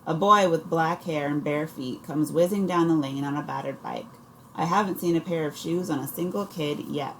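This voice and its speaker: A woman narrates an audiobook in the first person, in a steady storytelling manner. Her voice is low and dark. A faint hiss sits under it. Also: normal speed, poor audio. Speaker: audiobook reader.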